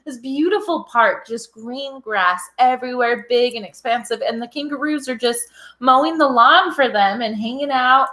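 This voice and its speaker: A bubbly, enthusiastic woman co-hosting a live-stream chat in a high, bright voice. The room around her rings with echo. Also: normal speed. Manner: bubbly, enthusiastic, laughs often. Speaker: co-host. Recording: echoey room.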